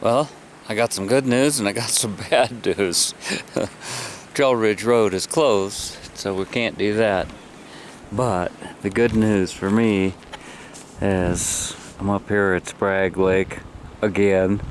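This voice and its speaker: A man's voice: fairly low pitch, fairly even intonation, takes it slowly, slight background noise. A man vlogging casually outdoors by a mountain lake, easygoing and chuckling as he talks. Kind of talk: casual outdoor vlog talk.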